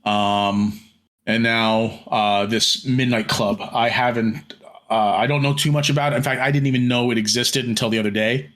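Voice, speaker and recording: A man's voice: mid-range voice, steady tone, moderate pace, fairly bright tone. A man co-hosting a podcast in casual chat, rambling with many fillers and restarts and some casual swearing. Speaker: podcast co-host.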